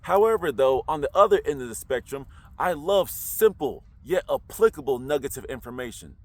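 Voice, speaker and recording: A man's voice: medium pitch, expressive, moderate pace, a little mellow. A man talking casually to camera in a slangy, roundabout way, full of rhetorical questions. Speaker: online commentator.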